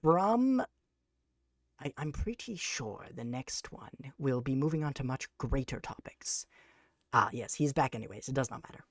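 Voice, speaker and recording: A streamer chatting live on a desk mic, using grand, formal, mock-villainous phrasing with sarcastic deadpan jokes. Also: mid-range voice, a little slow, dry recording, studio quality. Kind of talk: casual live-stream chat.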